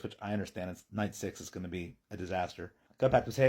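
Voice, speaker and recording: Chatty man with a lowish voice. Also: fast talker, few pauses. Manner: chatty, animated storytelling. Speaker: vlogger telling a story. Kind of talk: storytime vlog.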